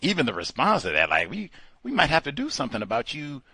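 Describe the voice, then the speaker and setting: A man's voice: mid-range voice, huge pitch swings, fast talker, bright, forceful tone, breathy edge, dry recording. A man hosting a call-in talk show, commenting casually and laughing as he acts out what people said. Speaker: radio show host.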